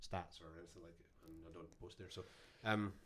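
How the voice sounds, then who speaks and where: A man's voice: sits low, steady tone, fairly quick, noisy background. A man co-hosting a casual podcast chat, rambling and breaking off mid-sentence, laughing often. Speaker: podcast co-host. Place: garage.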